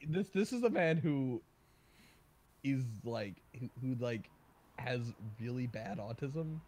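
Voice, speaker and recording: A man in a casual online call who tells stories with lively swings of pitch, sometimes jumping up loud and fast. His pitch sits in a middle range. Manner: animated storyteller, bursts of laughter and loud emphasis. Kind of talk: casual livestream chat.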